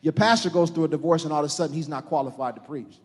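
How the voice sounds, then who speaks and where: A middle-aged man preaching a sermon to a church congregation, building to shouted fervor and calling out to the crowd. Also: fairly high pitch, racing. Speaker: pastor. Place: large church hall. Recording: live church sermon with long hall reverb.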